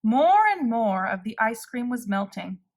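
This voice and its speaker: A woman reading a picture-book story aloud to children in a slow, expressive way. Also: on the high side.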